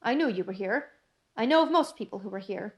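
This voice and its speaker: A woman reading the lines of an irritable, furtive Englishman in an audiobook, with an abrupt, low, vexed delivery. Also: expressive, brisk, lightly acted. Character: hurried, irritable middle-aged Englishman.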